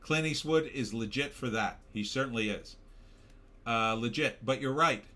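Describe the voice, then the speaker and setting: A man's voice: medium pitch, normal speed, bright, forceful tone. A tired man hosting a livestream, ranting in a casual way and reading out chat comments. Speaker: livestream show host.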